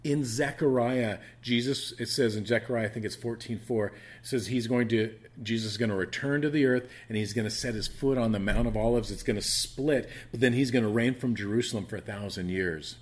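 Male pastor, mid-pitched voice, earnest conversational Bible teaching with restarts and building emphasis. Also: fairly quick.

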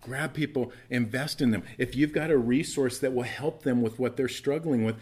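A man preaching a sermon as pastor, earnest and conversational, stumbling over restarts and swinging between loud emphasis and quiet asides. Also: medium pitch, moderate pace, slightly rough.

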